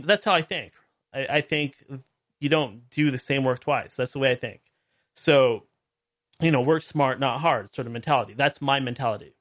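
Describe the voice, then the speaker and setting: A man's voice: mid-range voice, fairly bright tone. A male podcast host with a mid-range voice. He tells a story in a rambling, exasperated way, restarting his sentences and breaking into wry laughs. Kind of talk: casual storytelling monologue.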